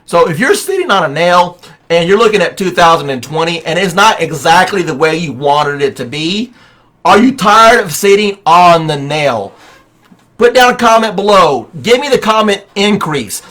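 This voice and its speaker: A man's voice: sits high, animated, moderate pace, fairly bright tone. A man coaching real estate agents on a livestream, speaking energetically and preachily and firing rhetorical questions at his viewers. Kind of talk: motivational livestream talk.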